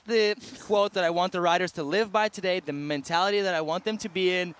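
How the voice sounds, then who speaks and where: A man's voice: high-pitched, fairly even intonation, fairly quick, hardly any pauses, a bit bright, soft background music. A man giving expert co-commentary outdoors at a bike event, emphatic and repeating words for stress. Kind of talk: live sports commentary.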